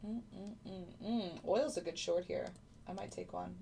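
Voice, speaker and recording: A woman's voice: fairly low pitch, slow pace, gravelly, warm tone. A woman hosting a live trading stream, chatting casually and answering viewers by name. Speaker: livestream host. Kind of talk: casual livestream chat.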